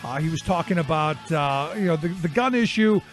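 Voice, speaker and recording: A man hosting a political talk radio show, speaking in an indignant, halting way with many fillers and restarts. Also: a little high, expressive, faint music behind.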